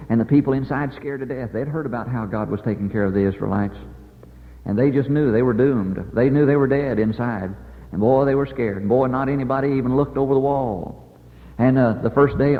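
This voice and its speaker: A man preaching a folksy, animated sermon, telling the story and acting out the voices with lots of "uh" and "boy" fillers. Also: mid-range voice. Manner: animated, acts out characters with many "uh" and "boy" fillers. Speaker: evangelist preacher. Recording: tinny phone-like sound in a large reverberant hall.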